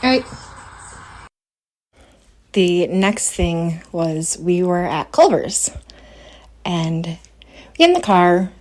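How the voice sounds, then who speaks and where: A woman in her thirties hosting a podcast, telling stories in a casual, animated way. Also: on the low side, extremely slow, pauses often. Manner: animated, laughing storyteller. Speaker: podcast host.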